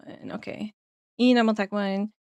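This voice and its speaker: A woman's voice: medium pitch, fairly even intonation, normal speed, dark tone, clear, resonant tone, no room sound, muffled recording. A woman casually commenting while playing a game on stream, chatty and laughing often, trailing off as she thinks.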